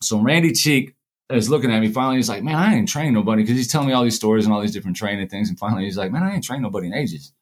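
A man, probably in his forties, speaks very fast in a fairly low voice as he casually tells prison stories, acting out the dialogue and swearing freely.

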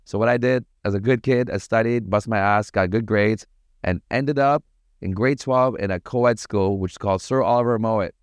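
A man from Toronto, a podcast guest telling stories in a casual, animated, slangy way. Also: fairly low pitch, normal speed, no echo, clean studio sound. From Toronto, Canada. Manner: animated, slangy, acts out voices in his anecdotes. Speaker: podcast guest, party promoter. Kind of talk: casual storytelling.

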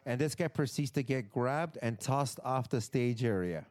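A man's voice: medium pitch, normal speed. A man co-hosting a podcast, chatting casually and animatedly, swearing and acting out what others might say. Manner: animated, swearing, acts out quotes. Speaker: podcast co-host. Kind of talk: casual wrestling chat.

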